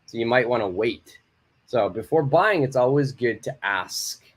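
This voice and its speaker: Lively male English teacher. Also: medium pitch, husky. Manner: lively, repeats example phrases slowly. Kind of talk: online English lesson.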